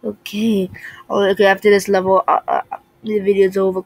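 A young woman giving casual commentary while playing a puzzle game, excitable, swinging from muttering to shouting at the game. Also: mid-range voice, a little fast, creaky, dry recording, low-quality recording. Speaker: gaming video creator.

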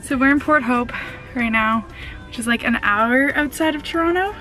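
A woman's voice: high-pitched, normal speed, music in the background. Chatty young woman vlogging from a car. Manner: chatty, rambling, with fillers and laughs. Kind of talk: casual vlog chat.

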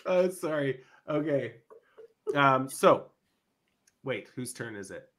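A man co-hosting a podcast in casual chat, animated, swearing freely and laughing often. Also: medium pitch, slow. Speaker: podcast co-host.

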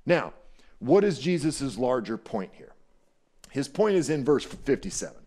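A middle-aged man delivers a casual, lively sermon from the pulpit. His voice sits in an ordinary middle register, and he keeps the congregation close with frequent "right?" check-ins. When he acts out scripture, his delivery turns playful and dramatic. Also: medium pitch, measured pace. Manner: animated, playful, often asks "right?". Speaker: pastor. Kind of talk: conversational sermon.

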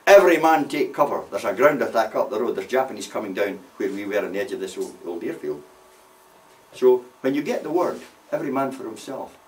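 A man's voice: medium pitch, a little mellow. An older man, a war veteran telling rambling anecdotes with many "you see" asides. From Scotland. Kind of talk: anecdotal storytelling. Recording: voice from far off the mic.

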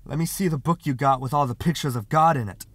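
A man's voice: medium pitch, normal speed, sharp tone, no echo, close to an everyday voice. A man voicing a desperate, shaken young man who speaks breathlessly and indignantly.

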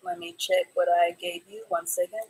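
This is a woman running a live online reading class, her voice sitting a little low. She reads out her students' sentences from the chat and praises each one by name. Her pace is slow and clear, and she stays patient and encouraging throughout. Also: steady tone, warm tone, poor audio. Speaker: reading teacher.

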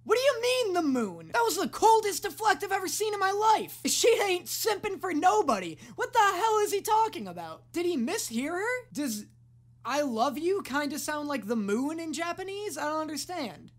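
A woman hosting a reaction video, giving casual, sarcastic commentary, swearing freely and often yelling at the screen. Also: very high-pitched, very animated, normal speed, hardly any pauses.

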